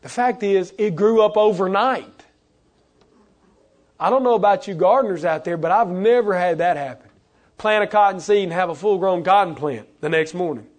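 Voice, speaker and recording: A married man preaching a sermon, animated and acting out the voices he quotes. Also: sits high, normal speed. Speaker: pastor.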